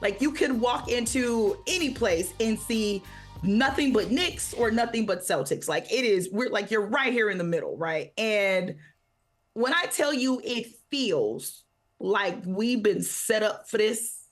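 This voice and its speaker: A woman co-hosting a sports talk show in a casual debate, chatty and quick with interjections. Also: mid-range voice, animated, faint music behind.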